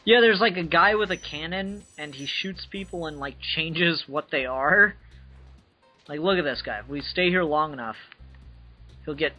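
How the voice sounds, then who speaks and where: A man narrating his own gameplay in a relaxed, enthusiastic way, explaining what he is doing next and dropping the odd swear word. His voice sits a little high for a man, with a bright, forward tone. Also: moderate pace, soft background music. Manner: enthusiastic, plain-spoken, casual swearing. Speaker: gamer playing on stream. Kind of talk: casual gameplay commentary.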